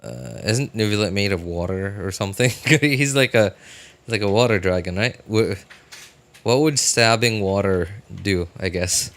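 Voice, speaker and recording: A man's voice: on the low side, lively intonation, normal speed. A man streaming a live reaction, chatting casually and rambling with many fillers and restarts.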